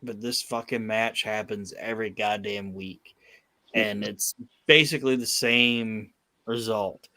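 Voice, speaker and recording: A man's voice: lowish voice, steady tone, a little slow, sharp tone, no echo. Profane, emphatic male podcast host. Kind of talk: casual chat.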